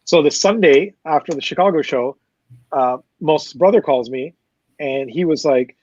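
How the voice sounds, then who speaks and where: A man who works as a concert promoter, telling a loose, fast, profane backstage story as a guest. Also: on the high side, a little mellow, no echo, dull audio. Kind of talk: casual storytelling.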